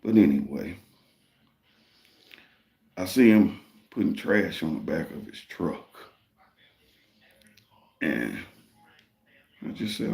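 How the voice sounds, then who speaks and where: A deep, gravelly man tells a long story in a loose, profane, streetwise way. His voice rings a little in an echoey room. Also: very animated, slow, long pauses, mellow. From Detroit, Michigan. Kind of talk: casual storytelling.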